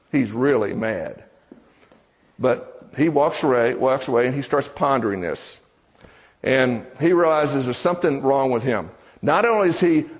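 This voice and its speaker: A man's voice: medium pitch, in a large hall, highs cut off. Man preaching a chatty sermon. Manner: conversational, joking asides to the congregation. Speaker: preacher and seminar teacher. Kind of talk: sermon with storytelling. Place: church.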